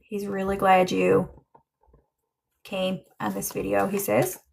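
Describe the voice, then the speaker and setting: A young woman giving a casual livestream psychic reading, chatty and gentle as she relays messages. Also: mid-range voice, flat delivery, takes it slowly, creaky. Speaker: psychic medium.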